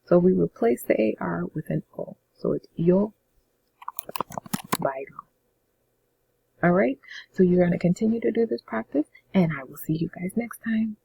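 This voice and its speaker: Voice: mid-range voice, moderate pace, gravelly, long pauses, narrow, tinny audio, a little hiss or hum. A Spanish teacher explaining a lesson step by step in a patient, repetitive way, often checking in with "okay?". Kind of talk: classroom-style lesson explanation.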